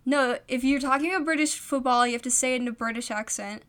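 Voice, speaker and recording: A woman's voice: high voice, fast talker, fairly bright tone. Giggly, rambling young-sounding woman. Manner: giggly, rambling with many ums. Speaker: podcast co-host. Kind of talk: casual chat.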